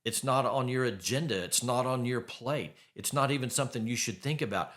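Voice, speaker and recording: A man's voice: mid-range voice, brisk, hardly any pauses, fairly bright tone. A middle-aged man hosting a faith-based advice podcast, speaking bluntly and emphatically and repeating his key phrases. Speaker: podcast host.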